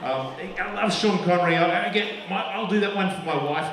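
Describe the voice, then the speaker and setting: A man's voice: sits high, fairly quick, fairly bright tone. An Australian man doing stand-up comedy, playfully teasing the audience and slipping into impressions. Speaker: comedian hosting an awards night. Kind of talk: stand-up comedy with crowd work. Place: large event hall with a live audience. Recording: echoey hall, distant mic, crowd noise.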